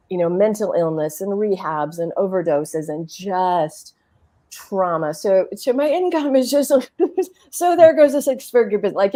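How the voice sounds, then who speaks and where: A middle-aged woman on a podcast panel, candidly telling a personal story in a lively, conversational way, acting out her own inner dialogue. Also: on the low side. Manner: animated and conversational, with frequent restarts, laughs and quoted inner dialogue.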